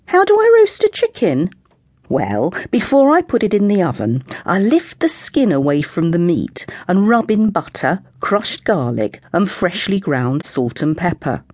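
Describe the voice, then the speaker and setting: A woman voicing a chatty middle-aged mum with a brisk, soothing counsellor tone, in an audiobook. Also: lowish voice, sing-song, a little mellow, dry recording, pitched above the performer's own voice. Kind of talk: audiobook character voice.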